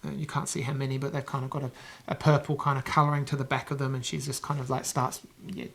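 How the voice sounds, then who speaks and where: A man with a New Zealand accent narrating as game master of a tabletop game, rambling with many pauses and restarts. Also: medium pitch, flat delivery, creaky, fairly bright tone, slight background noise.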